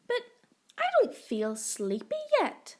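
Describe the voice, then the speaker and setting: A woman voicing a small, stubborn young girl tortoise in a storybook reading, raising her pitch. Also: sing-song, slow, exaggerated voice. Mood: pleading. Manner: pleading, then cross and sad.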